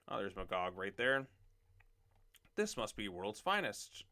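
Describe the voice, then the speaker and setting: A man hosts a laid-back commentary video, reading blurbs aloud and then adding loose, off-the-cuff remarks. His voice is bright and crisp, with a smooth, clear tone. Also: fairly low pitch, animated, a little fast. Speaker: comics video host. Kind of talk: casual commentary reading comic solicitations.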